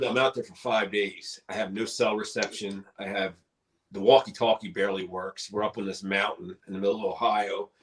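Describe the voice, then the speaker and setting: A middle-aged man, a paranormal investigator, telling a story casually in a live interview, animated and swearing freely. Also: on the low side, low-quality recording. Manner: animated, swears casually, acts out quoted dialogue.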